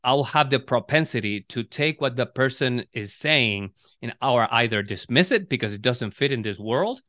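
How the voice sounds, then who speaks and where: A man's voice: mid-range voice, animated, moderate pace, sharp tone, dry recording, studio quality. A man co-hosting a podcast, talking in a reflective, casual way with many restarts. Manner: reflective, restarts and repeats words. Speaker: podcast co-host. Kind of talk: casual conversation.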